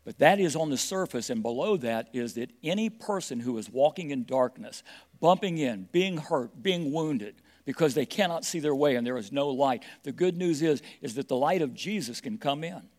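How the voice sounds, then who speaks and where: A middle-aged man preaches a sermon in a voice of ordinary pitch. He presses hard on his points and builds them by repeating key phrases. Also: animated, normal speed, a little mellow. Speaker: pastor.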